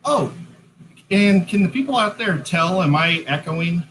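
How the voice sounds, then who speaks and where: Brief: male co-host, bright and fairly high voice, chatty livestream talk with faint background noise. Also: lively intonation, measured pace, poor audio. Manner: chatty, self-correcting while setting up. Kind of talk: casual livestream chat. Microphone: headset-style hat cam mic.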